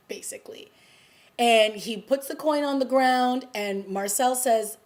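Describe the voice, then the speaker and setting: Excited woman gushing over a TV episode. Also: unhurried. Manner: excited, gushing storytelling with many fillers; acts out quoted lines with raised pitch. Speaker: TV review vlogger. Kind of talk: casual episode recap.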